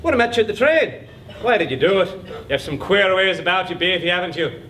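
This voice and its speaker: An actor playing a jovial, fussy gentleman who is chatty and hesitant. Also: sits high, lively intonation, brisk. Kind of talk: stage play acting. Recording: distant mic with some hiss.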